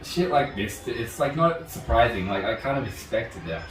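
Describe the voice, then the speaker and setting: A man's voice: mid-range voice, animated, moderate pace, faint music behind. A young man telling a story in casual conversation, rambling, swearing freely and laughing often. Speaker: martial arts instructor guest. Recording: roomy, distant mic, background noise.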